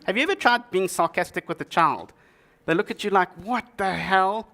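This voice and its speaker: Man, conference speaker, slightly high voice, dry humor, sarcastic asides, tech talk. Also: big pitch swings, fairly quick, bright, forceful tone. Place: conference stage before an audience.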